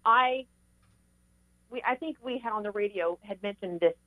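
A woman's voice: mid-range voice, normal speed, dry recording. Earnest lady sharing her faith story, tinny phone sound, dry. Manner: earnest, encouraging. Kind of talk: heartfelt testimony talk.

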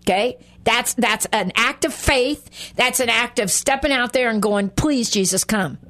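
A woman with a fairly high voice hosts a Christian radio program from the studio. She teaches scripture with animation, acting the story out as she tells it. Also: a little slow. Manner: animated, acts out scripture scenes in lively voices and laughs often. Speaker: radio show host.

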